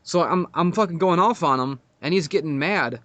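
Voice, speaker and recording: A man's voice: on the high side, moderate pace, fairly bright tone, no echo. A man telling a crude, profanity-heavy story in casual podcast chat, laughing often. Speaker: podcast guest.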